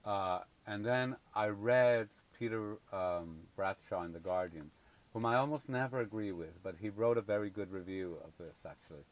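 A man's voice: fairly low pitch, normal speed. A man in a casual film discussion, talking with many fillers and restarts. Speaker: film reviewer.

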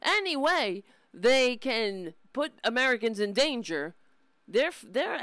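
A woman's voice: high-pitched, measured pace, no room sound, clean studio sound. A woman hosting a live political commentary stream, exasperated, mocking and swearing often. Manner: profane, exasperated, mocking, animated.

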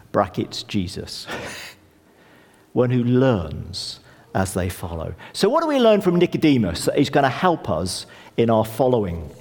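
A middle-aged man preaching a sermon in a conversational, lively way with touches of self-deprecating humour. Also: mid-range voice. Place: church hall. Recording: long church reverb.

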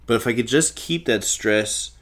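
A young man hosting a solo podcast, rambling and swearing casually, talking in circles and breaking into loud shouts. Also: mid-range voice, normal speed. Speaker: podcast host.

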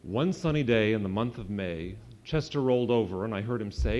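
A man, an author, reading a rhyming children's story aloud to an audience in a sing-song, lively way. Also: lowish voice, fairly quick, hardly any pauses. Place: event hall with an audience. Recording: dull lo-fi live recording.

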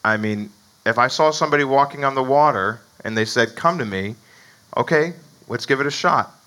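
A man's voice: mid-range voice, fairly quick, bright, forceful tone, poor audio. A man preaching a sermon in a conversational way, often asking "right?" and chuckling between points. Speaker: pastor.

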